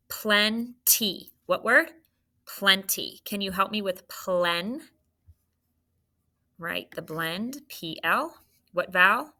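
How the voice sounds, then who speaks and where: A woman's voice: medium pitch, bright, forceful tone. A woman teaching a phonics lesson to young children, patient and encouraging as she sounds out letters and syllables. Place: classroom.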